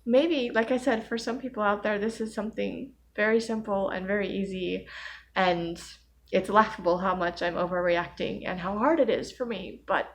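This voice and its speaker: A woman's voice: medium pitch, moderate pace. A young woman recording a personal video diary, emotionally overwhelmed, rambling and self-deprecating with nervous laughs. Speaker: vlogger.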